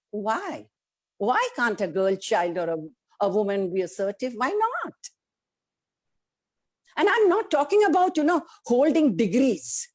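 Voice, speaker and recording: A woman's voice: on the high side, a little mellow. A woman with an Indian English accent, an actress giving an emphatic interview answer with rhetorical questions and acted-out quotes of other people. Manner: acts out quoted voices of family and society.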